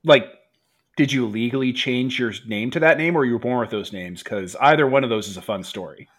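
A man's voice: medium pitch, a little fast, fairly bright tone. Wisecracking male tabletop player. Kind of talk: casual tabletop game chat.

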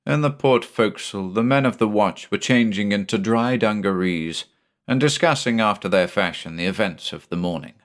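A man reading a horror story aloud as audiobook narration, in a measured, even storytelling manner. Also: lowish voice.

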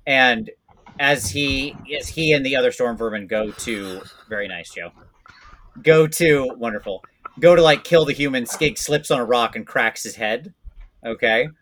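Bright-voiced man rambling in casual chat. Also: medium pitch, slight background noise. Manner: rambling, self-deprecating, quick to laugh. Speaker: guest voice actor.

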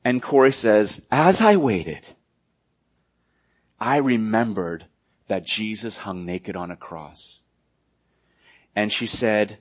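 A male pastor preaching a sermon earnestly, moving between loud emphasis and hushed, quiet passages. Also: on the low side, slow pace, long pauses.

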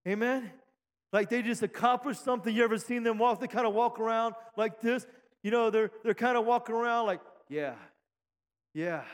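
A middle-aged male pastor preaching a rousing sermon, calling for amens and shouting at high points, with light jokes to the congregation. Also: level tone, fairly quick. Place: church sanctuary. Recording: long reverb of a church hall.

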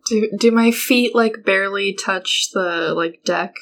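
A woman's voice: medium pitch, measured pace, slight background noise. A woman playing a tabletop game, chatty and full of fillers. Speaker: player. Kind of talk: tabletop role-play.

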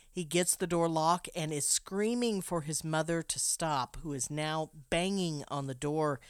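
A woman with a lowish voice walks through a film's plot, mixing casual commentary with dramatic retelling. The sound is dry and close, with no room around it. Her tone stays wry as she tells it. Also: clear, resonant tone, no echo. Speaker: podcast co-host recapping a film. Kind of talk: casual recap narration.

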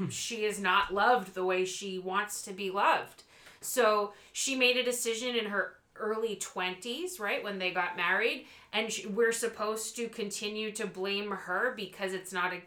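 A woman's voice: mid-range voice, sharp tone, roomy sound. A woman co-hosting a podcast, making an earnest case with rhetorical questions. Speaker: podcast co-host. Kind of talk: casual chat.

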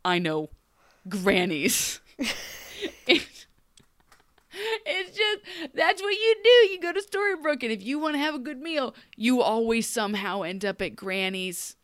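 A woman's voice: high-pitched, expressive, a little slow, fairly bright tone, no room sound. A woman co-hosting a podcast in casual chat, gushing about a TV show, laughing often and acting out characters' lines. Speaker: podcast co-host.

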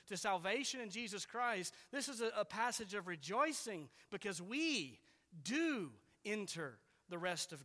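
A man's voice: high voice, pushed and bright, long reverb tail. A man preaching an expository sermon as pastor, earnest and emphatic, repeating key words for weight.

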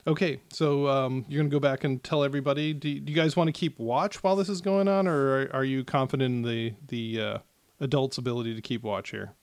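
A man narrating as game master of a tabletop game, with many pauses and restarts. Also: mid-range voice, fairly even intonation, smooth, no room sound. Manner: hesitant, many fillers and restarts.

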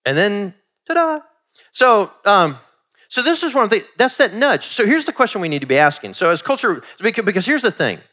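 A middle-aged man preaching a sermon in a conversational, animated way, acting out quoted asides. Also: sits high, brisk. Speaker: pastor.

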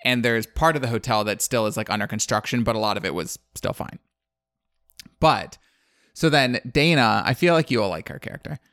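A man's voice: mid-range voice, fairly quick, a bit bright, no echo. Casual male podcast host, rambly storyteller, dry sound. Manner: rambling, chatty, lots of "like". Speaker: podcast co-host recapping a film. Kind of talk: casual chat.

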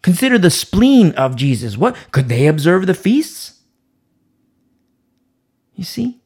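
A man preaching a sermon, emphatic and repetitive, asking rhetorical questions and swinging from loud emphasis down to a hushed voice. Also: high voice, big pitch swings, slow pace, breathy edge.

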